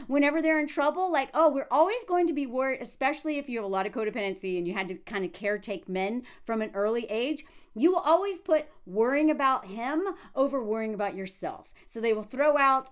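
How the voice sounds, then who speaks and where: A young adult woman giving blunt, animated reaction commentary with quick asides. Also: high voice. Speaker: commentary vlogger.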